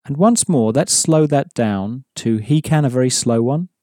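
A man teaching a scripted language lesson, explaining word stress in a measured way and slowing down for examples. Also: medium pitch, animated, mellow, no room sound, studio quality.

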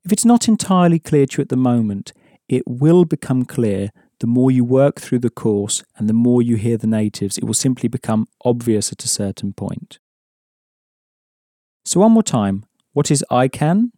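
Mellow-voiced man teaching a language course. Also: mid-range voice, expressive, normal speed, dry recording, clean studio sound. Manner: patient, explanatory, prompting the listener. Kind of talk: audio language lesson.

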